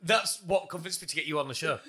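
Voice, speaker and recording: A man's voice: on the high side, quick pace, fairly bright tone. A man hosting a casual podcast, joking, laughing and swearing as he tells stories. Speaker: podcast host.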